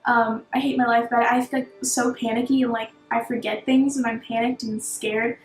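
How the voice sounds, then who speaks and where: A woman's voice: fairly high pitch, flat delivery, brisk, roomy sound, low-quality recording. A young woman vlogging in a bubbly, rambling way, full of fillers. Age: young adult. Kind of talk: casual chat to camera.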